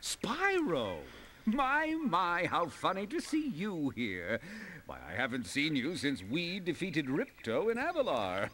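A man's voice: on the high side, wildly swooping pitch, slow pace, a bit bright, slight background noise, full character voice. An actor voicing a greedy, scheming male bear merchant in a video game, with sly salesman patter. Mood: smarmy.

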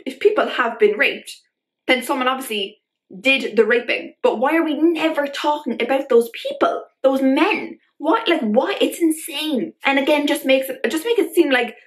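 A woman's voice: high voice, moderate pace. A young woman talking to camera in a casual vlog, ranting in an exasperated way and saying "like" constantly. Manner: ranty, exasperated, filler-heavy with constant "like". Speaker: vlogger.

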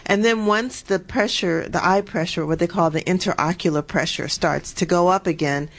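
A woman guest on a radio show, calmly explaining her experience with treatment. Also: fairly low pitch, moderate pace, rough recording. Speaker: guest patient. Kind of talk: interview answer.

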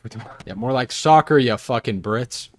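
A man hosting a gaming video, chatting casually with friends in crude, deadpan jokes. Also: lowish voice, quick pace, slight background noise. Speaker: gaming channel host.

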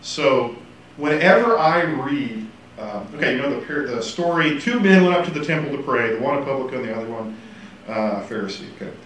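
A man teaching a casual Bible class, animated and joking, acting out quotes. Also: medium pitch, a little fast, recorded from a distance. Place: church classroom. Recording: echoey room, faint hiss.

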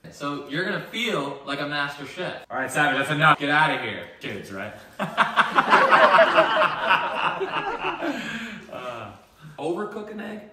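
A man's voice: fairly high pitch, moderate pace, few pauses, roomy sound, distant mic, heavy background noise. A man hosting a casual cooking vlog in a home kitchen, joking and self-deprecating as he rambles through the recipe.

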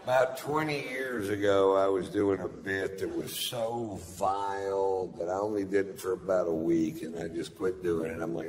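A middle-aged man, telling a profane, deadpan story in stand-up, on a live stage with a handheld mic. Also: low-pitched, moderate pace, few pauses. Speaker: stand-up comedian.

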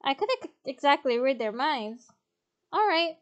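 A woman with a high, bright voice reads a romance game aloud from her desk mic. She giggles often and keeps up a running commentary between lines. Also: very animated, unhurried. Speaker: game streamer. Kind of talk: reading a visual novel aloud with commentary.

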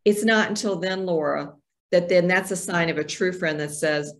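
Animated woman telling stories. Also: fairly low pitch, normal speed. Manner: animated storyteller, acts out quoted voices. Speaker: podcast guest, author. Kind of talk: casual conversational interview.

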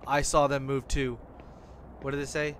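A man's voice: mid-range voice, flat delivery, moderate pace, fairly bright tone, a little hiss or hum. A man giving casual let's-play commentary on a horror game, talking to himself and swearing when startled. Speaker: gamer playing a horror game.

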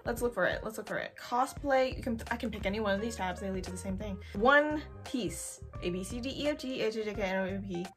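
A young woman chatting casually while browsing online, expressive and given to excited outbursts. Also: mid-range voice, quick pace, few pauses, soft background music. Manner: chatty, expressive, swings to loud excited squeals. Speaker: youtuber. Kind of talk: casual screen-recorded shopping commentary.

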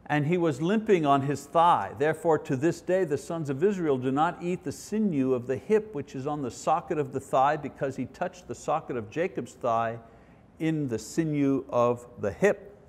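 A man's voice: on the high side, moderate pace. A middle-aged man leading a Bible study lesson, talking earnestly in a conversational way and reading scripture aloud. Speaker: Bible teacher. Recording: long reverb of a hall.

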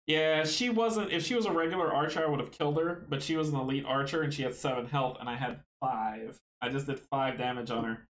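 A man's voice: medium pitch, normal speed, a bit bright, roomy sound, poor audio. A man playing a tabletop board game solo, thinking aloud, counting out moves and chuckling often.

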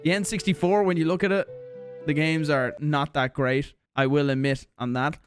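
A fairly high-pitched Irish man, talking at ordinary speed, vents on his gaming YouTube channel about what viewers think. He's animated and fed up, cursing throughout, with faint background music.

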